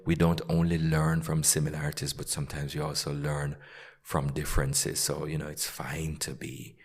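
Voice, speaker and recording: Male English-coach host, very low register, casual interview, teacherly, demonstrates phrases aloud. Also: flat delivery, normal speed, husky. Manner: explains with spoken example sentences.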